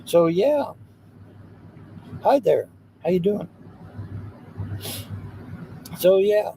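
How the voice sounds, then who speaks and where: A man with a Southwest Ohio accent chats loosely to his livestream audience, greeting viewers and circling back over the same points. His voice is very dark and mellow but swings widely in pitch. Faint idling engines hum behind him outdoors. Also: lively intonation, extremely slow, creaky, low-quality recording. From Hamilton, Ohio, USA. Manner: drawling, rambling, greets chat, repeats himself. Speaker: livestream host. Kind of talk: casual livestream chat. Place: outdoors beside idling trucks.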